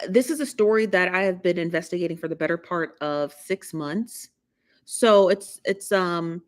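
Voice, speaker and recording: Chatty woman hosting a livestream. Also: lowish voice. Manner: chatty, laughing, teasing the chat. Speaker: live show host. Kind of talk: casual livestream chat.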